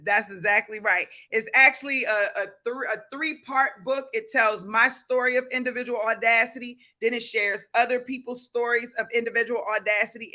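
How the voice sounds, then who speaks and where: A man with a Baltimore accent hosting a motivational livestream, his voice pitched high and bright with a forceful edge. He preaches with fervor, reads viewer comments aloud, and breaks into shouts. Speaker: livestream host.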